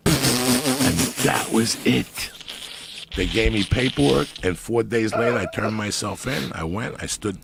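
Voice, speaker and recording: A middle-aged man telling profane comic stories in a loud, animated way. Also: lowish voice, normal speed, vocal fry, hardly any pauses, music in the background. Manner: loud animated storytelling with heavy swearing. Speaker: podcast guest storyteller. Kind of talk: profane comedic storytelling.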